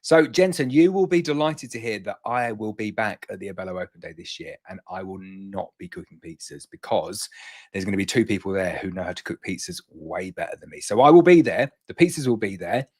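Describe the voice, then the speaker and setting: A man's voice: expressive, a little fast, darkish tone. Chatty man hosting a bee stream. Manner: chatty, rambling, jumps up in pitch to read out names. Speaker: beekeeping livestream host. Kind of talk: casual live chat, reading viewer comments.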